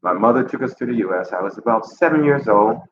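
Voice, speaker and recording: A middle-aged man from Jamaica, raised in Chicago, talking in a relaxed, rambling way in a casual vlog, repeating his phrases. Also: mid-range voice, fast. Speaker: vlogger. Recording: echoey, dull, noisy ambience.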